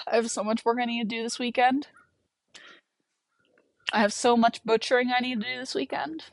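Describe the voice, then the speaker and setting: A woman's voice: a little high, fairly even intonation, moderate pace, no room sound. A young woman chatting casually and rambling while working outside a barn, laughing often. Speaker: homesteader and livestream host. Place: outdoors by a barn.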